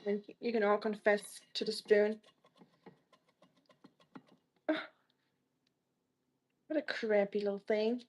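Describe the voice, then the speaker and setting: Cooking in her home kitchen on a live stream, this woman chats casually, welcomes viewers by name, and teases them with jokes. Her mid-range voice has little pitch movement and a measured pace, with background noise present.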